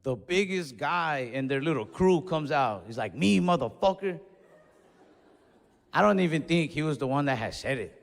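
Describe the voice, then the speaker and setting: A man's voice: medium pitch, animated, moderate pace, vocal fry. A young man doing stand-up and telling a long story in a laid-back, profane way. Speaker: stand-up comedian. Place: comedy club stage. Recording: long reverb and faint noise, club stage.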